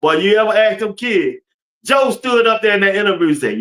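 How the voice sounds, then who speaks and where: Male sports talk host, slightly high voice with a lot of swing, casual and chatty, quick to laugh, talks right to the audience. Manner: animated, laughs often, loose colloquial talk; addresses viewers and chat directly. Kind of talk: casual sports commentary livestream.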